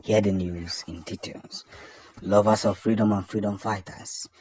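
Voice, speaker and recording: A man with a Nigerian accent giving impassioned political commentary, emphatic and repetitive, building up to loud declarations. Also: lowish voice, fairly even intonation, measured pace, a little hiss or hum.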